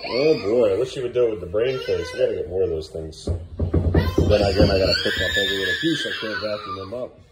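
A man's voice: lowish voice, quick pace, loud music behind the voice. A man filming his kids at home for a vlog, laughing at them and scolding them in turn. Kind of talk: casual home vlog narration.

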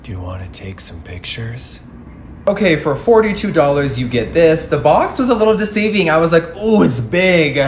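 A man's voice: fairly high pitch, brisk, slight background noise. A man in his thirties reviewing makeup in a casual vlog, campy, sassy and freely swearing. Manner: campy, sassy and profane, lively exclamations.

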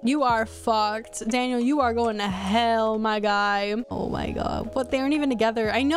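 Female streamer, high-ish voice, excitable and sweary casual game commentary over faint music. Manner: excitable, swears, quick exclamations.

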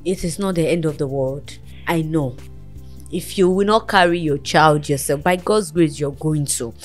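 A woman's voice: sits low, moderate pace, faint music behind. A woman hosting a talk show, earnestly counselling and encouraging a guest in a motherly, preaching way.

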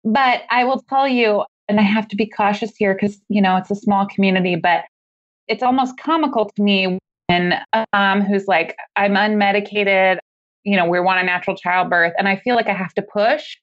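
A woman shares a personal story on a podcast at a moderate pace, her mid-range voice casual and animated, with frequent laughter. The recording's high frequencies are cut off.

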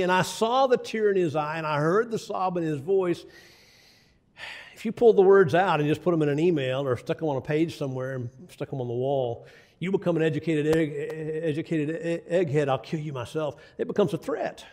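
A man's voice: sits high, lively intonation, normal speed, darkish tone. An older man preaching a sermon, telling folksy stories with asides to the congregation. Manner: folksy storytelling with asides to the audience.

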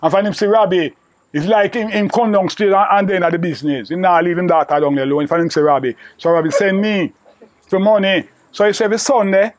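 An older man from Jamaica recounts the old days in broad patois, his voice pitched somewhat high. The sound is dry and close, with no room around it. He rambles and repeats himself, with "you know" in nearly every line. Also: quick pace, no room sound. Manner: repetitive, peppered with "you know". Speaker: interviewee recalling old friend. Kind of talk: rambling oral storytelling.

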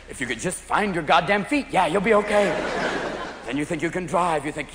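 A man's voice: on the high side, animated, fast, background noise. A man doing manic live stand-up comedy, jumping between voices in a large theater. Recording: echoey hall with loud crowd.

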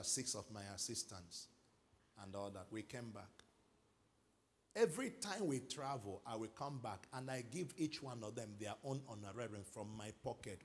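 A middle-aged Nigerian man preaching a sermon as pastor, moving from quiet asides to loud exhortation and calling for responses. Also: mid-range voice, slight background noise. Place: large church hall.

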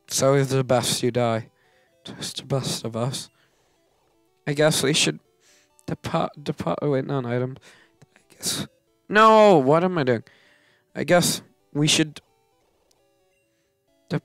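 A man's voice: mid-range voice, slow pace, long pauses, fairly bright tone, no room sound, studio quality, faint music behind. A man hosting a game let's play, giving casual commentary that turns into melodramatic grumbling and self-mocking rants.

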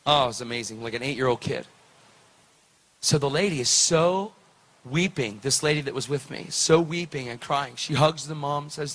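A man preaching, telling a story with lively, preacherly delivery and acted-out dialogue. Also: medium pitch, moderate pace. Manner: animated, preacherly, acts out dialogue. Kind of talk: sermon storytelling.

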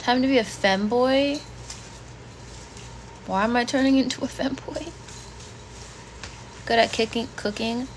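A woman's voice: on the high side, a little slow, long pauses, a little hiss or hum. A woman in her twenties on a casual home livestream, reading chat comments aloud and reacting bluntly. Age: 20s. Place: bedroom at home.

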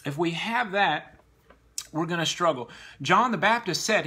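A man's voice: high voice, lively intonation, a little slow, bright, forceful tone, husky. A man preaching a sermon to a congregation, earnestly exhorting the listeners.

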